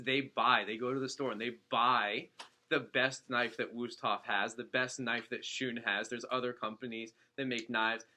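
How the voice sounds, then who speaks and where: A man speaking as a district manager to his sales team, an animated storyteller who acts out quotes and jokes, in a meeting room with an audience. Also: mid-range voice, a little hiss or hum. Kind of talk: motivational talk to a room.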